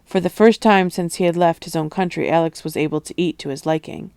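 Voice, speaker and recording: A woman reading a novel aloud in a steady, expressive storytelling manner. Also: lowish voice, a little fast, hardly any pauses, clean tone, no echo. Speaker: audiobook reader.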